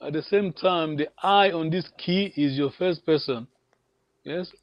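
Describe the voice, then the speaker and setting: A man's voice: fairly high pitch, a little slow, no echo, dull audio. A man teaching a language lesson online, encouraging his students, repeating words and laughing often.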